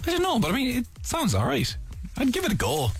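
A man's voice: very high-pitched, huge pitch swings, fast talker. An Irish man co-hosting a radio show, playful and skeptical in casual banter. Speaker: radio co-host.

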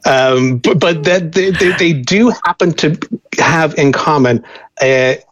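A man's voice: on the high side, slow. A man speaking as a linguistics guest, explaining thoughtfully with frequent restarts and repeated words. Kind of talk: conversational expert explanation.

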